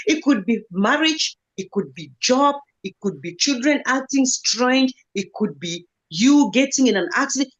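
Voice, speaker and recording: A woman's voice: sits high, highs cut off. A woman speaking as a guest in an online live talk, earnest and motivational, repeating phrases for emphasis. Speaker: guest speaker, kidney patient.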